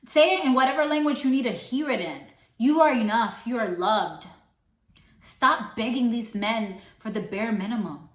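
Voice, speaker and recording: A woman's voice: a little high, normal speed. Emphatic woman in an echoey room. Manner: emphatic and sassy, repeating affirmations. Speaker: podcast host. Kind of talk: motivational self-help monologue.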